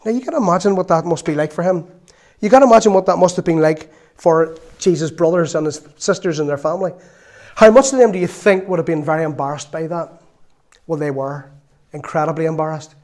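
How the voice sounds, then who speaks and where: A middle-aged man with a Northern Irish accent preaching a sermon, telling a lively story from his own family and acting out the voices in it. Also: a little high, brisk. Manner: lively storytelling, acts out voices, laughs often.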